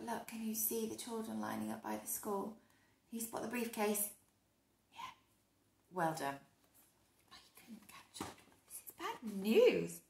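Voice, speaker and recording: A woman reading a picture book aloud to children, animated, with hushed whispered asides to her young listeners. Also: mid-range voice. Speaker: storyteller. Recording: echoey room.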